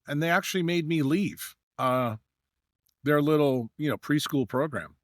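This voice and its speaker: A man's voice: fairly high pitch, normal speed, dry recording, clean studio sound. A middle-aged man from New York, a podcast guest telling long anecdotes with many fillers and acted-out dialogue. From New York, USA. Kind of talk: storytelling in a podcast interview.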